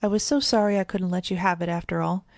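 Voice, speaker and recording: A woman's voice: fairly low pitch, fairly even intonation, quick pace, darkish tone, dry recording, clean studio sound, natural voice. A woman voicing a shy, embarrassed schoolboy who stammers in a storybook. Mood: flustered. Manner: flustered, stammering.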